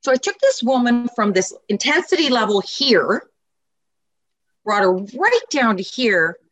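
Parenting coach, middle-aged woman; animated and emphatic, lots of pitch movement. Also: measured pace. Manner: animated and emphatic, acts out quoted lines. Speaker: podcast guest, parenting coach. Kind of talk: casual conversation.

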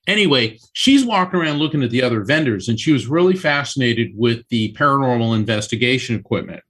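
A man who is a psychic medium and author, telling a personal story as a guest on a radio interview, animated and full of restarts. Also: medium pitch, fast talker, breathy edge.

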